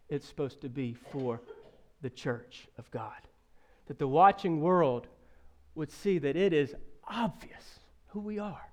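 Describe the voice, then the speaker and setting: A man in his thirties delivers a sermon in a high, smooth, clear voice. He tells stories with self-deprecating humor. Then he builds to emphatic rhetorical questions and drops to a soft, earnest hush. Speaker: pastor.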